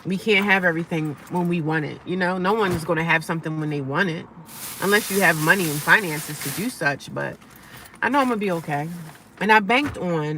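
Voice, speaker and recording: A middle-aged woman talks casually into her phone from her car, upbeat and full of sassy asides. Her voice is gravelly and bright, picked up a little away from the mic with faint noise behind. She sounds chatty and keeps cheering herself on. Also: lowish voice, recorded from a distance. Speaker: vlogger living in her car. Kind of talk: casual live-stream chat. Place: inside her parked car.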